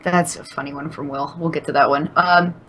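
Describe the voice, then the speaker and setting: A woman's voice: deep voice, steady tone, a little fast, fairly bright tone, slight background noise. A woman co-hosting a casual gaming podcast, rambling and restarting, swearing casually. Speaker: podcast co-host.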